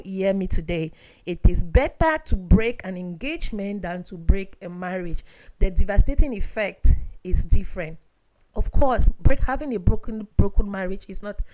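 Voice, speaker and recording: A woman's voice: medium pitch, a little mellow. Young woman vlogger, earnest and direct, lecturing viewers like a big sister. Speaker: vlogger giving relationship advice. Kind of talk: casual advice monologue.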